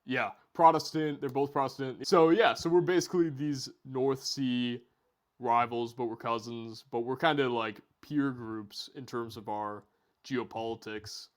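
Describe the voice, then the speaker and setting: A man speaking as a guest on a casual podcast, explaining his points in a relaxed, chatty way. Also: medium pitch, measured pace.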